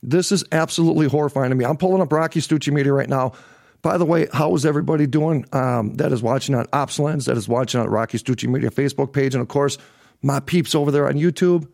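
In a fast, gravelly, mid-range voice with a darkish tone, a middle-aged livestream host delivers an angry political rant. He swears and repeats himself to drive points home, and the audio is studio quality with no echo.

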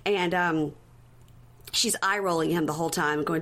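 A woman's voice: on the low side, moderate pace. A woman co-hosting a podcast, retelling scenes casually and acting out the quotes. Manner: animated retelling with acted-out quotes. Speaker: podcast co-host. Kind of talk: casual recap chat.

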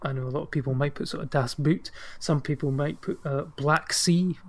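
A Scottish man with a fairly high voice talks films in an easy, casual podcast chat. He rambles a little, leaning on fillers and restarting his sentences as he goes. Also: moderate pace. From Scotland. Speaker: podcast co-host.

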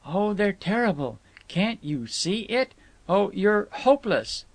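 A haughty, easily irritated young woman, tired and quick to scold. A male narrator lifts his pitch well above his own to play her, and a gravelly edge clings to the voice. The delivery is close and dry. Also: sing-song, dry recording, full character voice. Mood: scornful. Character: moody, petulant young woman, tired traveler.

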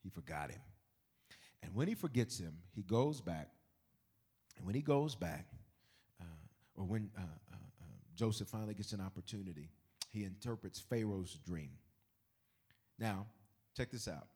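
A male pastor preaching an animated sermon, teasing the congregation and quoting scripture. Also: low-pitched, normal speed, pauses often, breathy edge.

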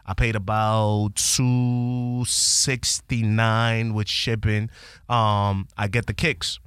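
A man hosting a podcast, animated and profane as he retells a story in casual slang. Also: on the low side, takes it slowly, clear, resonant tone, dry recording, clean studio sound.

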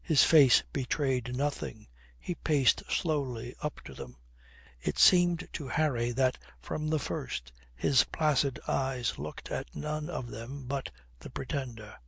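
A man reading a historical novel aloud as an audiobook narrator, measured and even. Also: medium pitch, gravelly, slightly rough, dry recording, clean studio sound. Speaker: audiobook reader.

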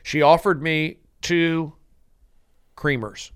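A man's voice: medium pitch, expressive, measured pace, a bit bright, no room sound, studio quality. A man hosting a comedic podcast monologue, telling stories in a rambling, mock-grandiose way.

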